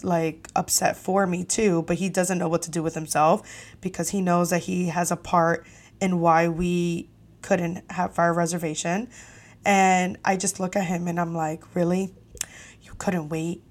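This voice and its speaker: Animated young woman telling a story. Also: fairly low pitch. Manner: animated, profane, exasperated retelling. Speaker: podcast host. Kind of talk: casual storytelling.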